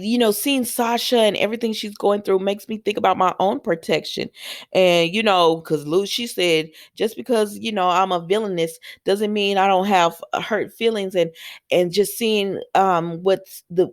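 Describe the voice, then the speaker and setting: A woman recapping a soap opera episode in a casual, chatty way, often saying "um" and "you know" and bouncing her voice up high for the characters' lines. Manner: chatty retelling, acts out quotes with big pitch jumps; says "um" and "you know" a lot. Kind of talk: casual chat.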